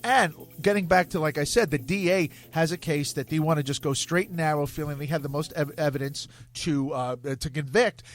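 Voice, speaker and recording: A man co-hosting a comedy show, giving his opinion in casual talk, halting and restarting as he thinks. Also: a little high. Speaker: co-host. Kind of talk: casual banter.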